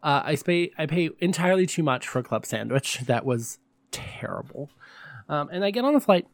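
A man hosts his podcast in a loose, campy monologue, chatty and freely profane. His voice sits a little high for a man. The recording is dry, with no room sound. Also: expressive, normal speed, no echo. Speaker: podcast host. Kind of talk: casual monologue.

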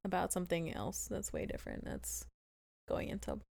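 A woman's voice: on the low side, huge pitch swings, normal speed, gravelly, darkish tone. A woman co-hosting a podcast, chatting casually and giggling often as she recaps a TV episode. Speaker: podcast co-host.

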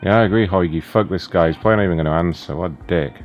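Low-voiced profane prank show host. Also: male voice, very fast, dull audio, heavy background noise. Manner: joking, profane, laughs often. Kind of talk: prank call show banter. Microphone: computer mic over an online call.

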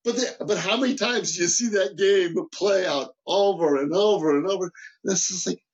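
Male guest mentor, animated, stumbling restarts, lightly raised pitch. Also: moderate pace, highs cut off. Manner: animated, frequent restarts and repeated words. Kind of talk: casual interview talk.

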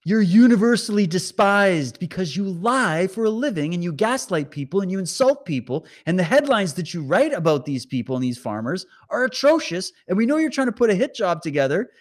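A man's voice: sits high, big pitch swings, a little fast, few pauses. A man giving a heated, sarcastic and profane commentary while reacting to clips. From Canada. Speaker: online commentator. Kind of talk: ranting commentary over clips.

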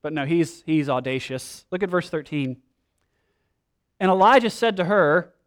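A man preaching a sermon, retelling the scripture story in casual modern slang with lively emphasis. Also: a little high, measured pace, long pauses. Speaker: pastor.

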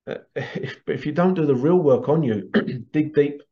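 A man's voice: on the high side, normal speed, muffled recording. A man working as a healing therapist, talking casually in a rambling way and repeating his phrases. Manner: rambling, repeats phrases, acts out quoted voices. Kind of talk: casual monologue to camera.

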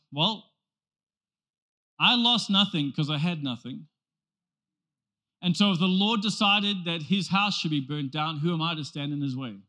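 A man's voice: high-pitched, bright, forceful tone. A male pastor preaching a sermon in an emphatic, rhetorical way, often repeating phrases for effect.

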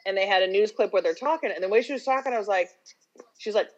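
A woman co-hosting a casual podcast chat, playful and quick to laugh, swinging between loud and quiet. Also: medium pitch. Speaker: podcast co-host. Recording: dull lo-fi sound.

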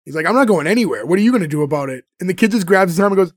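Male podcast host, high voice, lively storyteller acting out quotes, dry sound. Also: rapid-fire, dry recording. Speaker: podcast host recapping a sitcom episode. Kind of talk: casual chat.

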